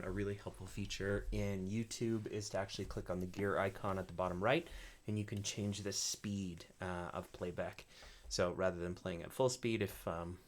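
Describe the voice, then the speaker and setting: A man teaching an online ukulele lesson, explaining in a relaxed way with frequent fillers. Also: deep voice, a little hiss or hum.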